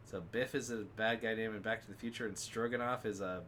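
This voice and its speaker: A man chatting through a let's-play stream, relaxed and playful with joking asides. His voice rises and falls in a lively way, and a steady noisy hiss runs under it. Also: medium pitch, a little fast. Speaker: streamer playing a visual novel. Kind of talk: casual let's-play commentary.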